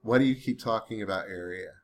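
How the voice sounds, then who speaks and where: A fairly quick man with a lowish voice is dictating to a voice assistant to test it. Saying aloud each punctuation mark, he quizzes and kids around with the bot, remarks that his accent is weird, and becomes increasingly irritated, eventually cursing.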